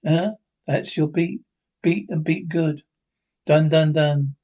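An older man with a Scottish accent, acting in a sitcom and trading gruff, salty, teasing banter. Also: a little high, steady tone, takes it slowly, mellow, muffled recording. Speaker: sitcom actor. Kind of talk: sitcom dialogue.

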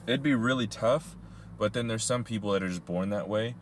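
A man's voice: fairly low pitch, brisk, slight background noise. A young man co-hosting a casual podcast chat, rambling through his answers with frequent laughs and casual swearing. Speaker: podcast co-host.

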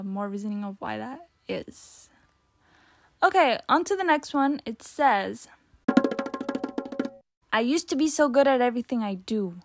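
A woman's voice: fairly high pitch, dry recording. Chatty young woman, dry close sound. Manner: chatty, rambling, many "like" fillers. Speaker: podcast host. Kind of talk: casual solo talk reading old notes.

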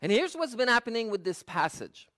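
A Bible teacher giving a verse-by-verse sermon, reading scripture slowly with stressed words and explaining through rhetorical questions. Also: mid-range voice, big pitch swings, fairly bright tone.

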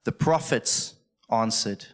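A man's voice: lowish voice, takes it slowly. A middle-aged male pastor preaching a conversational sermon from a church stage, earnest and emotional.

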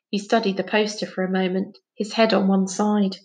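A woman reading a children's book aloud with clear, gentle storytelling. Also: medium pitch, steady tone, normal speed, hardly any pauses. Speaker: story reader.

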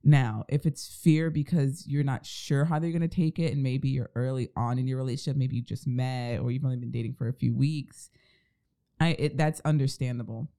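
A man's voice: mid-range voice, fairly even intonation, a little fast, mellow. A man in casual podcast chat, talking earnestly and giving advice to listeners. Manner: earnest, advising.

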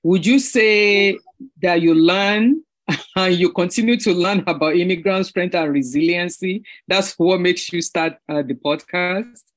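A woman hosting a podcast interview, asking questions and offering encouraging, soft affirmations. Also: lowish voice, unhurried, dry recording. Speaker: podcast host. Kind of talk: casual conversational interview.

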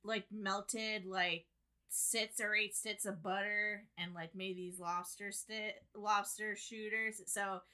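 A woman co-hosting a casual podcast, slangy and animated. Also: mid-range voice, takes it slowly. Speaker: podcast co-host. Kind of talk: casual chat.

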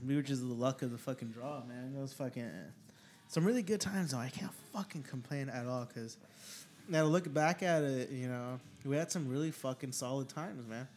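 Loose and profane, this young podcast host chats casually and fills his rowdy stories with nonstop swearing. He speaks at medium pitch and a moderate pace, his tone darkish, with a little hiss or hum present.

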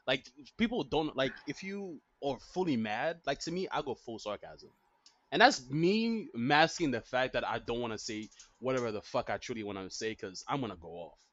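A young man co-hosting a podcast, talking in a casual, profane, animated way and laughing often. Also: mid-range voice, normal speed, dry recording, muffled recording. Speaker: podcast co-host. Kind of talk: casual chat.

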